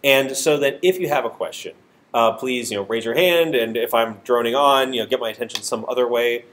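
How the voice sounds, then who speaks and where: A man's voice: mid-range voice, a little fast, a bit bright. Nasal man lecturing a programming class. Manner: filler-heavy, self-deprecating, restarts often. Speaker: university programming instructor. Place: classroom with hard walls.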